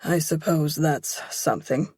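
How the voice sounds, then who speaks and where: A woman narrator voicing a calm, wry, cynical man in an audiobook. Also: low voice, a little slow, husky, no echo. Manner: wry, detached.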